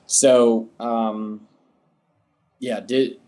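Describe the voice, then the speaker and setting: Casting: young American man, interview guest, easygoing and rambling, full of ums, mid-pitched voice. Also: drawn-out words. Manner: relaxed, rambling, many fillers. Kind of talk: casual storytelling.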